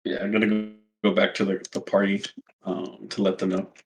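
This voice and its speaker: A man playing a tabletop game, telling the group a plan in halting speech with repeated words. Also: deep voice, level tone, creaky. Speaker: player. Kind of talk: casual chat.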